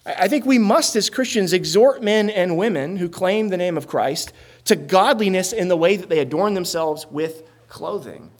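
A young male pastor preaching a sermon in an earnest, emphatic way. His voice sits a little higher than most men's, and he leans into rhetorical questions and pointed rising stresses. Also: normal speed.

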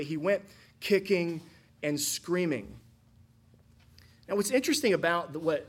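A man's voice: a little high, husky. A man, a pastor, preaching a sermon with energy and frequent rhetorical questions.

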